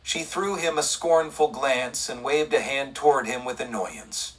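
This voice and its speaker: Brief: male audiobook narrator, western story, husky voice, mic set back. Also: mid-range voice, a little slow, far from the mic, poor audio.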